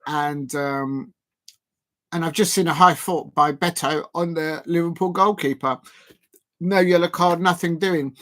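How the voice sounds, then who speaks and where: A man's voice: a little high, fairly even intonation, measured pace, a bit bright. A man hosting a live football watch-along, commenting in a rambling, hesitant way full of fillers.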